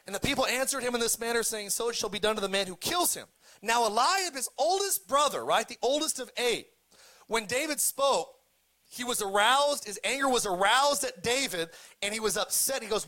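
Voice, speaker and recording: This pastor's voice is very high, bright, and forceful, expressive and at normal speed. He jokes through his sermon, retells scripture casually, and leads the congregation in call-and-response.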